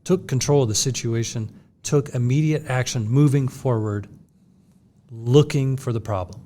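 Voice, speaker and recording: A man co-hosting a podcast, summing up points in a measured, steady way. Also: mid-range voice. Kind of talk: casual podcast discussion.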